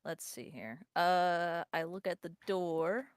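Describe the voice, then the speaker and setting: A woman plays a tabletop game with a playful, laughing manner. She speaks slowly and without rush. Her voice is close to the mic and dry. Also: lowish voice, smooth, no echo. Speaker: player.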